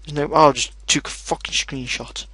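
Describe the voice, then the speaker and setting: A young man giving casual commentary over his own gameplay, excitable and swearing often, shouting at his in-game dogs. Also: on the high side, fairly quick, slightly rough, no room sound. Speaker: gaming video host. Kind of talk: casual let's play commentary.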